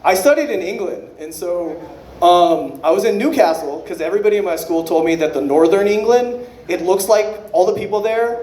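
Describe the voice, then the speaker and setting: A man doing an unrehearsed stand-up set, rambling and profane, with quick self-correcting asides. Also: high-pitched, a little mellow, roomy sound. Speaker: stand-up comedian.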